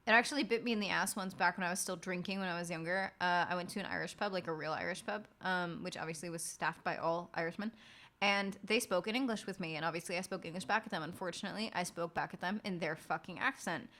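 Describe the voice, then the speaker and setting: A woman's voice: lowish voice, fast talker, fairly bright tone. A young woman streamer chatting casually and frankly late at night, swearing often and rambling through stories.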